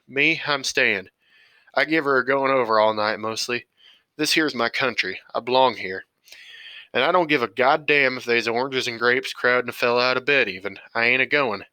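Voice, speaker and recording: A man's voice: medium pitch, moderate pace, sharp tone, dry recording, lightly acted. A man voicing a stubborn old farmer grandfather who talks in a defiant, cussing rural drawl.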